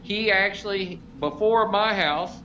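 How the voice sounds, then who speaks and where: A man's voice: sits high, measured pace, pushed and bright. A middle-aged man telling a self-deprecating story in casual chat, rambling with many fillers. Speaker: show regular. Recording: slightly dull, faint noise.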